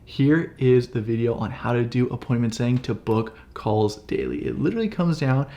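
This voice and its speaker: Guy coaching, chatty and encouraging, mid-pitch voice. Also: moderate pace, vocal fry. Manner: encouraging, conversational, animated. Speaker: co-host, business coach. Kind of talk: casual coaching chat.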